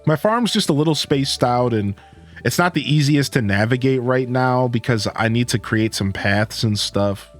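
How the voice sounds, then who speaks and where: A man's voice: mid-range voice, expressive, moderate pace, faint music behind. A young man chatting casually and greeting viewers while he plays a farming game on a live stream. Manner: laid-back, chatty, greets chat.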